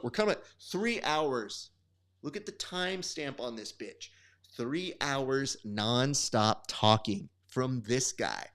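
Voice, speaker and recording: A man's voice: mid-range voice, a bit bright. A man hosting a live stream, calling grappling results and reading chat in a casual, profane, bantering way.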